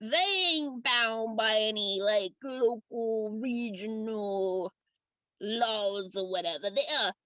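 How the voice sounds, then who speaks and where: A woman playing a slick union recruiter with a folksy, slangy sales pitch. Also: steady tone, takes it slowly, a bit bright, no room sound, highs cut off. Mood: salesy.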